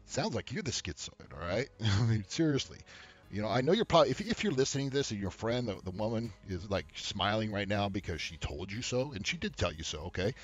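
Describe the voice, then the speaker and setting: A man hosting a casual advice rant to camera, blunt and profane, laughing often and mimicking people in high mocking voices. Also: expressive, brisk, slightly rough, muffled recording. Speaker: dating advice host.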